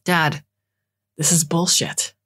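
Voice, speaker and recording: A woman's voice: low voice, level tone, takes it slowly, a bit bright, breathy edge, full character voice. A woman voicing a wary, exasperated young adult son who talks bluntly and asks questions.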